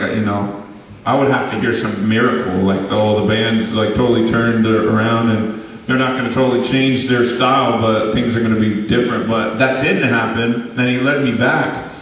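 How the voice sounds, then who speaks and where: A man's voice: medium pitch, distant mic. A man giving a loose, rambling testimony in an interview, laughing often, recorded from afar in a large hall. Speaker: guest musician.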